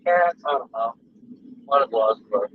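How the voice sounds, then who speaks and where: A man rambles through stories and casual talk while vlogging from a car on the highway. His medium-pitched voice is animated, and he speaks at a measured pace. The sound is distant and dull, as is typical in a car, with road noise present.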